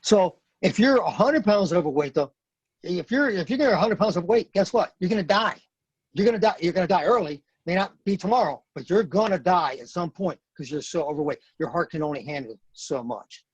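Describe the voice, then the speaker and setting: Husky-voiced middle-aged man telling war stories. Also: high voice, expressive, a little fast, no echo, lo-fi sound. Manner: earnest, blunt, repeats phrases for emphasis. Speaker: podcast guest, retired Marine sergeant major. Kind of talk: casual storytelling in a podcast interview.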